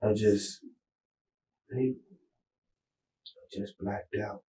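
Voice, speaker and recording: A man speaking in a recorded police interview with a dark, mellow voice. He rambles and restarts his sentences, filling gaps with "you know what I'm saying". The old interview tape has an echoey room sound. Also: fairly low pitch, fairly even intonation, extremely slow. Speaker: suspect being interviewed by detectives.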